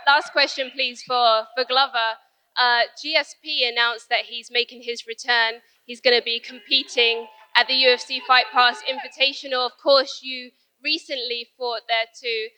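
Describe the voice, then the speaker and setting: A woman moderating a question session with a panel, polite and brisk. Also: fairly high pitch, steady tone, bright, forceful tone, rough recording.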